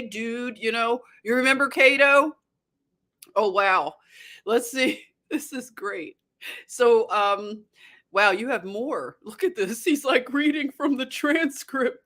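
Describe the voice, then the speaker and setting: Bright, chatty woman livestream host. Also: on the high side. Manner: chatty and excitable, often laughing. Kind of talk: casual livestream chat reading viewer comments.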